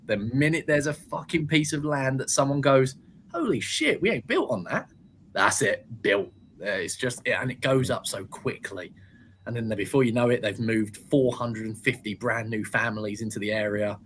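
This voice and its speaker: A man's voice: mid-range voice, normal speed, slight background noise. A man in his twenties from England, chatting casually in a blunt, sweary way and laughing often. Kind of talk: casual chat.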